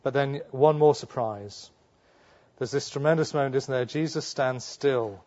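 A man preaching a sermon at a middle pitch. He asks his listeners rhetorical questions and acts out the voices he quotes. The recording is slightly dull and lo-fi. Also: normal speed, a little mellow.

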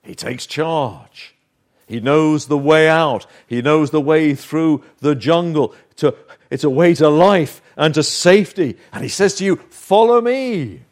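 A male preacher with a slightly raised pitch delivers a sermon earnestly. He builds emphasis with pauses, drops to a hush, then swells again. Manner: earnest, emphatic, with dramatic pauses and shifts of volume.

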